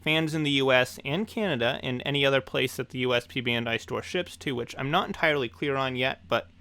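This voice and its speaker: A young man hosting a hobby news show, talking in an excited, enthusiastic way. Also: mid-range voice, a little fast.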